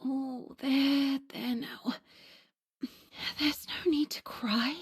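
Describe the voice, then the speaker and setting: A woman voicing an eerily calm, devout caretaker in a game, in a whispered role-play with a hushed, slow, monotone delivery. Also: high-pitched. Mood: hushing.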